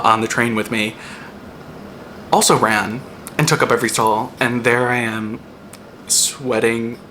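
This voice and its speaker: Young male vlogger, excitable and foul-mouthed, mid pitch, audible background noise. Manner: animated and profane, with sudden loud high outbursts. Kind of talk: casual rant-style review.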